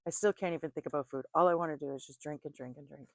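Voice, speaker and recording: Low-voiced chatty woman reading tarot. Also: racing, no echo, studio quality. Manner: chatty, laughs often between remarks. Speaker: tarot reader. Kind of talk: casual chat and tarot card reading.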